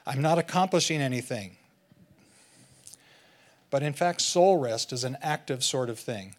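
A man filling in as guest preacher, giving a conversational sermon and slowing down to stress key phrases. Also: mid-range voice, expressive. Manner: conversational, slows down for emphasis.

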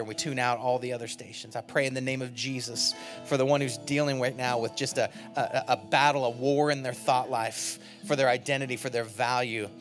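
A man praying over a church congregation, starting quietly with halting restarts and swelling into fervent declarations. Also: fairly high pitch. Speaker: minister praying. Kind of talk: sermon and spoken prayer. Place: church sanctuary.

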